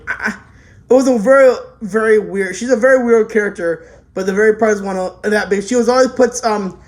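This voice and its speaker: An anime reviewer giving a casual, rambling spoken review, full of restarts and offhand swearing. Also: medium pitch.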